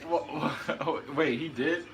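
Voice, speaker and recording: A young man co-hosting a boxing reaction stream, relaxed and slangy, laughing along often. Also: on the high side, slow. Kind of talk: casual live-stream chat.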